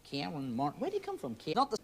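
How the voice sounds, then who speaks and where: A slightly high, husky male voice with huge pitch swings talks fast as a magician host narrates a trick on 1970s TV. He jokes and teases with volunteers from the studio audience, who can be heard in the background.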